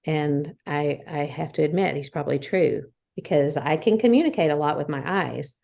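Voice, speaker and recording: A woman's voice: sits low, moderate pace, vocal fry, dark tone. A woman in her fifties co-hosting a casual faith podcast, earnestly explaining her points one by one. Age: 50s. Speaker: podcast co-host.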